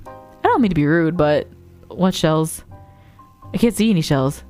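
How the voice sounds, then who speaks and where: A woman voicing a small male frog detective in a dry, flat, mildly exasperated way, a little below her usual pitch. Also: measured pace, soft background music. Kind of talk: reading game dialogue aloud.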